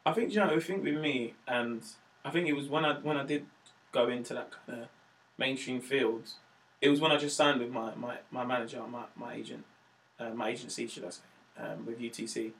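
In a podcast interview, this Welsh stand-up comedian chats casually and animates his stories by performing the quoted voices of the people involved. He speaks fairly quickly in a mid-range, creaky voice.

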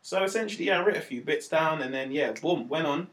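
A man, a comedian telling stories in a casual chat, animated and slangy, acting out quotes in a raised voice. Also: a little high, quick pace. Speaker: comedian guest.

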